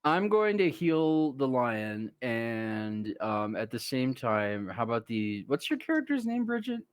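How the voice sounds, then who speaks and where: A man's voice: mid-range voice, big pitch swings, measured pace, smooth, no room sound. A man playing in a tabletop game, laying out plans for the group in casual chat. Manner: organized, proposes plans. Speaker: player.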